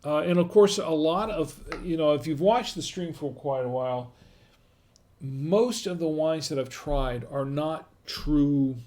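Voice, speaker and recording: His voice sits on the high side with a dark tone, and he takes his time. He's running a wine tasting livestream, casually reading viewer comments and rambling as he thinks aloud.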